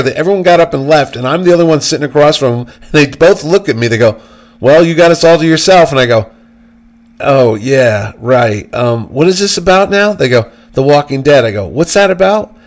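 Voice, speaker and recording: Male podcast co-host, animated storyteller, average pitch. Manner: animated storyteller acting out quotes. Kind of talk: casual storytelling chat.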